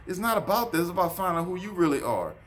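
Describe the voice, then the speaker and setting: A man's voice: high voice, big pitch swings, very fast, fairly bright tone, a little hiss or hum. A man, giving a preachy, repetitive vlog monologue and calling his viewers folks. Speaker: vlogger. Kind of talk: casual monologue to camera. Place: outdoors near a road.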